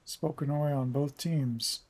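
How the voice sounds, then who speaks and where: A young man talks his way through a naval battle game in an unhurried drawl. His voice sits slightly high, and he mutters and curses under his breath as things go wrong. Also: steady tone, a little mellow. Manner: swearing, muttering reactions to the game. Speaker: gaming streamer. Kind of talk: casual gameplay commentary.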